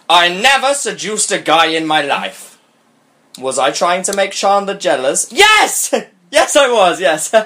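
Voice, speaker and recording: A man's voice: high voice, sing-song, slow, bright, forceful tone. Sarcastic young man reading aloud. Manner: sarcastic, laughing, swearing asides. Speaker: podcast co-host. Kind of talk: mocking dramatic reading of fan fiction.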